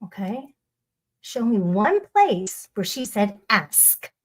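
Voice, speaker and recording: A woman's voice: mid-range voice, big pitch swings, slow, darkish tone. A woman hosting a casual livestream, rambling and swearing as she talks back to her viewers' chat. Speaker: livestream host.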